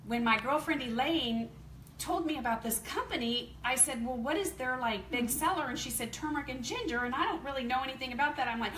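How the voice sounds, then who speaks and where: A woman's voice: high-pitched, a little fast, reverberant, recorded from a distance, a little hiss or hum, low-quality recording. A woman in her fifties from the American South, telling a chatty, laughing testimonial to a meeting audience. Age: 50s. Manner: chatty, laughing, animated storytelling. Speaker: company distributor speaking at a meeting.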